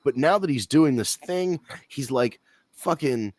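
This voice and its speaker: Blunt, swearing wrestling podcast host. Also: male voice, medium pitch, lively intonation, a little slow, darkish tone, dry recording, studio quality. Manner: blunt, swears casually, rambling opinions. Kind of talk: casual wrestling talk.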